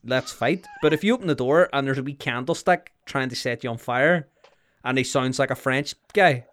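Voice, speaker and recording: A man's voice: mid-range voice, brisk. A young man, telling rambling, sweary stories in casual banter with a friend. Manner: animated, swearing, rambling storytelling.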